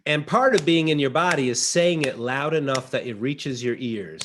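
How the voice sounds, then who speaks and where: A man coaching a ukulele class over a video call, upbeat and encouraging. His voice sits at an everyday middle pitch, and he walks students through chords and rhythms in plain, friendly teacher talk. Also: lively intonation, moderate pace, few pauses, fairly bright tone. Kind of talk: online music lesson.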